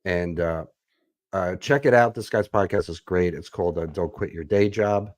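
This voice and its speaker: Low-voiced self-deprecating podcast host man. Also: normal speed, a little mellow, dry recording. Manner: self-deprecating, rambling with fillers. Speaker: bass player. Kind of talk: casual chat. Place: echoey home room. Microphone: desk USB microphone.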